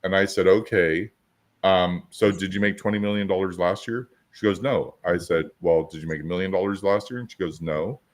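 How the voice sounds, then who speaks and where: A deep-voiced man talks a little fast on his podcast. He works as a business coach, and his casual storytelling has him performing both roles in the dialogues he describes.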